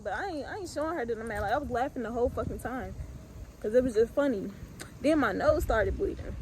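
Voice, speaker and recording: High-voiced young woman telling a story. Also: lively intonation, quick pace, darkish tone, a little hiss or hum, rough recording. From US Midwest. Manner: blunt, profane, laid-back storytelling with many fillers. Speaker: vlogger. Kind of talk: casual storytime.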